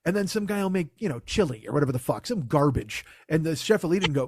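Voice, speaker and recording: A man in his forties with a fairly high voice rants through a comic story, swearing freely and sounding fed up. The sound is dry and close, with no room around it. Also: expressive, quick pace, hardly any pauses, a little mellow, husky, no room sound. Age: 40s. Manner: profane, exasperated storytelling. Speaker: comedian podcast host. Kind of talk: casual comedic rant.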